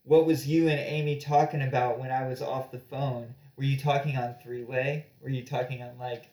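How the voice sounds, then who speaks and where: A man's voice: medium pitch, moderate pace. A man co-hosting a podcast, chatting casually and joking, with a mid-range voice. His talk is loose and full of fillers, and the room is echoey. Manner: relaxed, joking, with many fillers. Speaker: podcast co-host.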